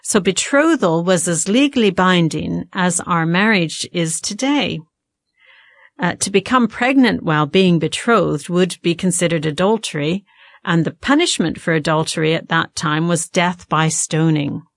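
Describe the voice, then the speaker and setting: A woman guest teaching on a Bible passage in a measured, explanatory way with frequent ums and uhs. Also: fairly low pitch, lively intonation, dry recording. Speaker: guest theologian.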